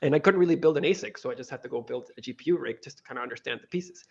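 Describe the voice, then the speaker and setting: A man, guest on an interview, telling a story in animated casual talk full of restarts and quoted dialogue. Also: medium pitch, rapid-fire, creaky, highs cut off. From Venezuela. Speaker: guest, crypto lending co-founder.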